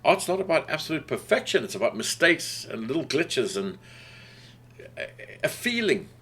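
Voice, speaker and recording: A man's voice: mid-range voice, very animated, moderate pace, a bit bright, husky. A man talking casually about being an artist, frank and rambling, often repeating his phrases. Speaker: artist and podcast host. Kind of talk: casual monologue.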